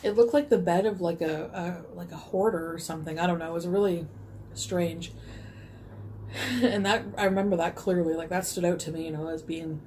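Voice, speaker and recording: Speaking at normal speed in a lowish, slightly mellow voice with fairly even intonation, a woman rambles through a casual storytime. She uses frequent fillers and laughs easily, with a little background noise present.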